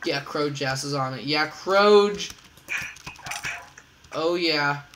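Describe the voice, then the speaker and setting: A man casually commentating his own gameplay as host, excitable and repeating catchphrases in a singsong. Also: a little high, takes it slowly, background noise. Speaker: gamer host.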